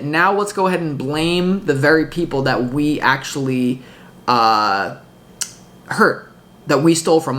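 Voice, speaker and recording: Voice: mid-range voice, expressive, moderate pace, fairly bright tone. A tarot reader talking casually, rambling with intense emphasis, lots of fillers, restarts and the odd curse. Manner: swearing, emphatic.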